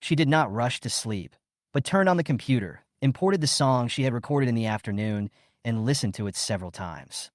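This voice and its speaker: A man reading a scripted story recap as its narrator, in a steady storytelling manner. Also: mid-range voice, a little fast, no room sound, studio quality.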